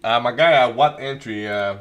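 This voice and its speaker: A man doing live trading commentary, thinking aloud with many restarts and halting phrases. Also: medium pitch, dull audio. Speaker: day trading streamer.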